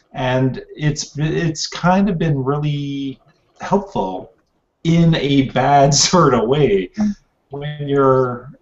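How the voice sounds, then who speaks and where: A man's voice: fairly high pitch, darkish tone, lo-fi sound. A tired man speaking hesitantly in a casual group chat, searching for his words. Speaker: participant.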